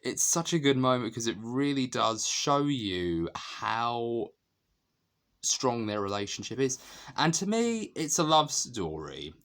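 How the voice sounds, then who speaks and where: A man's voice: mid-range voice, sing-song, a little slow, a bit bright. A man talking casually and enthusiastically through a film's scenes, laughing as he retells the jokes. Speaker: film reviewer. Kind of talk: casual film analysis.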